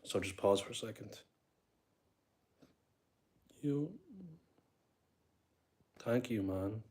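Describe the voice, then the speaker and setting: A young Dublin man from Ireland rambles casually through a live stream in a fairly low, slightly mellow voice, speaking extremely slowly. He's talkative and responds to his viewers, reading their comments aloud.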